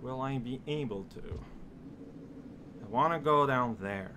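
A man giving casual gameplay commentary, muttering to himself and bursting into exasperated shouts. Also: mid-range voice, measured pace, background noise. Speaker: let's play commentator.

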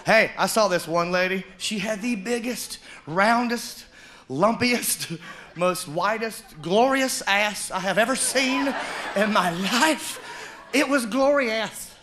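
A man performing a stand-up comedy set, telling animated stories that burst into shouting, recorded live with audience laughter. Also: high-pitched, takes it slowly.

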